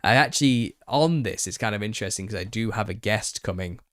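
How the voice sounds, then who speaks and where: A man hosting a live Q&A stream, opinionated and quick to get worked up, laughing as he rants. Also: fairly low pitch, a bit bright, no room sound, clean studio sound. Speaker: channel host. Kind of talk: live Q&A monologue.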